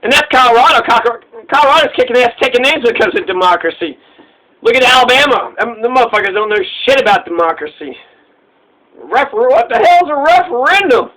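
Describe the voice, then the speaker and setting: A man's voice: very high voice, animated, fairly quick, bright, forceful tone, poor audio. An American man delivering an angry, profane political rant full of sarcasm. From United States. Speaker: political commentator. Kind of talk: profane ranting monologue.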